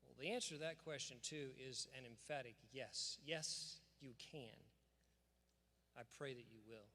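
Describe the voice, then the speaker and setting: A man's voice: mid-range voice, moderate pace, sharp tone. A man giving an earnest, emphatic commencement address with scripture readings, in a preacherly cadence. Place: large church sanctuary. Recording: long reverb of a big church hall.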